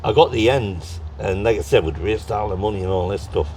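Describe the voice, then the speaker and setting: A man with a Tyneside accent telling stories as an interview guest in a lively, laughing way, acting out what people said. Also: fairly low pitch, a little fast, distant mic, slight background noise. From North East England. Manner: lively, laughs through his stories, acts out quotes. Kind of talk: casual storytelling chat.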